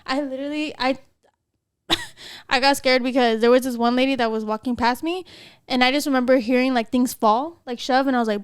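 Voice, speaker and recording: A young woman co-hosting a podcast, telling a story in animated, chatty casual talk. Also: sits high, fairly quick, clean tone, dry recording, clean studio sound. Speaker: podcast co-host. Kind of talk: casual chat.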